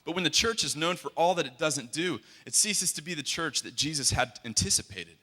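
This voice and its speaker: A man's voice: a little high, expressive, a little fast, pushed and bright. A young man giving a sermon as a worship leader, earnest and conversational, often restarting his sentences. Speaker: worship leader and guest speaker. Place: large hall. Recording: long hall reverb.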